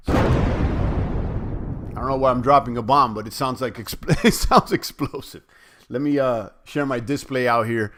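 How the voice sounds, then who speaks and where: A man's voice: mid-range voice, a bit bright. A young man hosting a crypto livestream, chatting in a rambling, conversational way straight to his viewers. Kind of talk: casual livestream chat.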